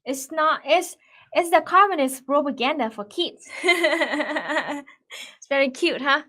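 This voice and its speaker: A woman's voice: high voice, lively intonation, slow, pushed and bright. A woman with a Vietnamese accent, a native Vietnamese speaker, casually retelling a comic story in a chatty, hesitant way. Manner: hesitant, chatty, many restarts and fillers.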